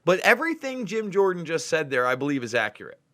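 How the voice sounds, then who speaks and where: A man hosting a political commentary show, talking in an excitable, sarcastic way and breaking in on clips. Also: a little high, fast talker.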